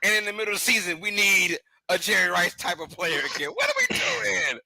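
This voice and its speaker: Guy cohosting a sports podcast, bright voice, dry close mic, gets loud and laughs a lot. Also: high voice, fast, gravelly, no echo. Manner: animated, laughing, rises to shouts when riled. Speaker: podcast co-host. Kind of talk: casual sports podcast chat.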